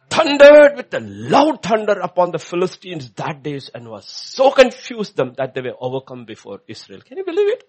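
A male preacher giving a sermon, swinging between hushed lines and loud emphatic ones. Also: high voice, husky.

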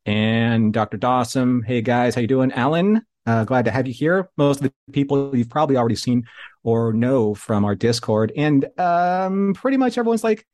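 A man's voice: mid-range voice, expressive, moderate pace, darkish tone, no echo. Casting: playful male podcast co-host, mid-range voice, upbeat chatty delivery. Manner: upbeat, playful, reads chat aloud. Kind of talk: live show chat.

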